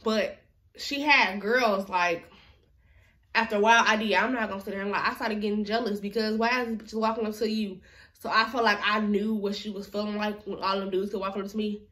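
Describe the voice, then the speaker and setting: A woman's voice: mid-range voice, fairly even intonation, brisk, fairly bright tone. A woman vlogger telling a personal story in a casual, chatty, slangy way.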